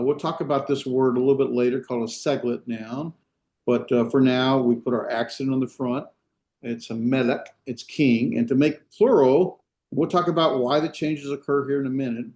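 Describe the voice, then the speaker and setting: Male instructor, mellow tone, relaxed lecture delivery full of fillers and restarts. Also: medium pitch. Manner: unhurried, many fillers and restarts, explains step by step. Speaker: Hebrew instructor. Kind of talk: classroom lecture. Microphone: video call.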